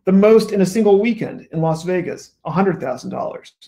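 A man's voice: high voice, expressive, fairly quick, dark tone. A male author reading from his own book at a bookstore event, adding wry asides. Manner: wry asides between read passages.

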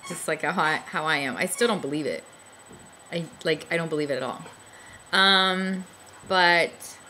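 Bright, chatty young woman vlogger. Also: fairly low pitch, a little hiss or hum. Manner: chatty and rambling, many fillers, restarts and little laughs. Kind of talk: casual personal storytelling to camera.

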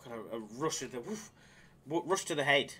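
A man chatting casually on his live slots stream, excitable and self-mocking, swearing freely as he reads the chat. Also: medium pitch, slight background noise.

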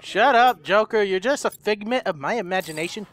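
A man commentating a let's play in a loud, excitable way, shouting and swearing at the game. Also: high voice, a little fast, slight background noise. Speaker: gamer. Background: game music.

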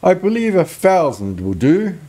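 A man puts on the voice of an anxious middle-aged villager in a medieval video game. He sounds earnest and pleading, pitched a little higher than ordinary talk, with an animated, swooping line and a warm, mellow tone. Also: unhurried, exaggerated voice. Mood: urgent. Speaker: game character read aloud.

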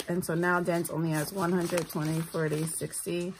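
A woman's voice: fairly low pitch, level tone, normal speed, a little hiss or hum. A tired woman, talking casually while counting out cash for her budget and making self-deprecating asides. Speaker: budgeting vlogger, single mother.

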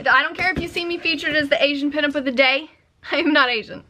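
A young woman, chatting casually to camera while opening fan mail, sassy and excitable, swearing freely. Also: sits high, a little fast, noisy background.

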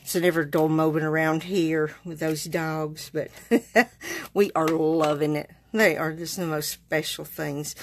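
A woman's voice: deep voice, fairly even intonation, slow pace, slight background noise. A woman chats in a folksy, rambling way with viewers during a live card-making demonstration. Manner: chatty, folksy, rambling asides. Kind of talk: live craft demo chatting with viewers.

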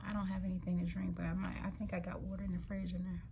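A woman's voice: lowish voice, flat delivery, very fast, gravelly. A woman in her forties vlogging casually about her day as a teacher, speaking earnestly and prayerfully to God about her struggles. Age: 40s. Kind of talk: casual day-in-the-life vlog. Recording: loud car and street noise behind.

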